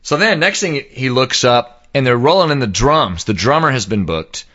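A man casually telling an animated anecdote, acting out the people in it and singing sound effects. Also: mid-range voice, moderate pace, lo-fi sound. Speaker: storyteller.

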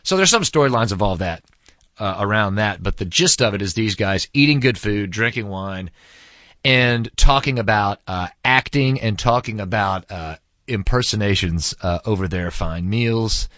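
A man's voice: fairly low pitch, expressive, normal speed, fairly bright tone, dry recording, dull audio. A man from Texas hosting his podcast in a rambling, chatty way, recorded in a studio. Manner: chatty and rambling, many fillers. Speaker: podcast host. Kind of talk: casual podcast monologue.

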